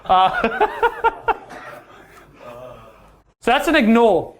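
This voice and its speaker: A fairly quick, high-voiced man teaches a seminar class of men about dating, with slight background noise in the clip. He's animated, acting out quoted conversations and repeatedly checking in by saying "yeah?"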